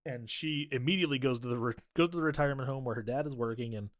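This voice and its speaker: Fields: Sex: man. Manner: profane, animated retelling. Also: medium pitch, racing, no echo, studio quality. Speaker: podcast co-host. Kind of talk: casual movie recap chat.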